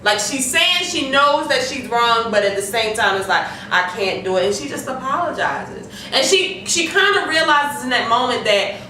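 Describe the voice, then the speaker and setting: A woman hosting a casual TV episode recap, talking in an animated, profane way and acting out the characters' lines. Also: high voice, moderate pace, hardly any pauses. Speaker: TV recap host. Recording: echoey room, distant mic, faint noise.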